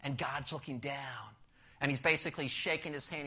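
A man preaching an expository sermon, asking the listeners rhetorical questions and swinging from loud emphasis down to a near-whisper. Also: a little high, fairly quick, husky.

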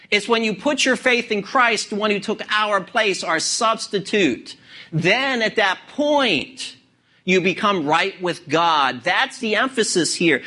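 A man's voice: sits high, sharp tone. A male pastor preaching an expository sermon, asking rhetorical questions and stressing key words.

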